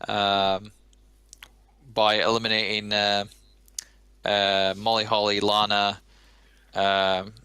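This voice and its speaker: A man chats on a wrestling podcast at a slow, unhurried pace, his pitch rising and falling a lot. His voice is bright and smooth, and the recording is close and dry. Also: completely flat delivery, no room sound. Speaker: podcast co-host. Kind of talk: casual wrestling chat.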